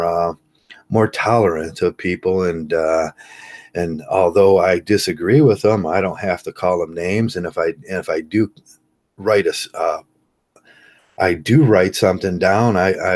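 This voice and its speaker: Low-voiced man rambling to camera. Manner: rambling, halting, many fillers and restarts. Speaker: channel host. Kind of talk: casual monologue to camera.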